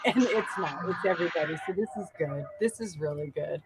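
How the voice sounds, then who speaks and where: A woman's voice: lowish voice, fairly quick, noisy background. A woman hosting a spiritual show, talking casually and emotionally after a channeling session, laughing often and swearing freely. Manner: emotional, laughing, swearing, swings between loud whoops and quiet murmurs.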